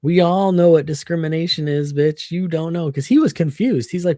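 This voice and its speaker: Warm-voiced woman venting on a livestream. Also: on the low side, moderate pace, few pauses, no room sound, studio quality. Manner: venting, swearing freely. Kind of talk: casual livestream chat. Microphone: computer microphone.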